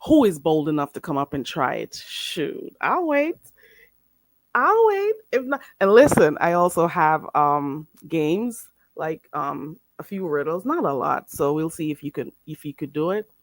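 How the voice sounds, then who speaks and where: A woman's voice: deep voice, lively intonation, no echo, clean studio sound. A woman hosting a live stream, chatting casually with viewers and teasing them playfully while teaching them phrases. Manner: playful and teasing, drawn-out slow demonstrations. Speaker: livestream host teaching phrases.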